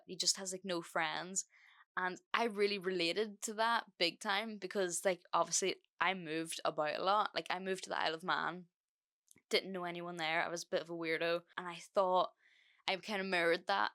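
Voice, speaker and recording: A woman's voice: lowish voice, pushed and bright. A young woman hosting a podcast, telling a breakup story in a casual, frank way that is full of swearing and fillers. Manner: chatty, frank, swears freely, many fillers. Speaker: podcast host.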